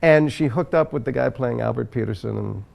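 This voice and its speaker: Gravelly man telling a funny story. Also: mid-range voice, brisk, slight background noise. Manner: animated storyteller, laughs mid-sentence. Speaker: celebrity game show contestant. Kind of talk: comic anecdote telling.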